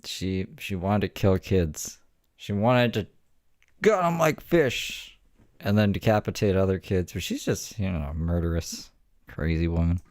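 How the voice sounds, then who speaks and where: A man's voice: low-pitched, animated, a little slow, a little mellow, dry recording, studio quality. A man hosting in a casual, rambling commentary style, swearing and mocking himself. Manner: rambling, profane, self-mocking. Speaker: host.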